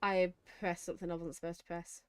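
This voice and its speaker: A woman's voice: on the low side, little pitch movement, fast talker, darkish tone, smooth, no echo. A woman streaming a video game, chatting casually and rambling between laughs. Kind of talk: casual gameplay commentary.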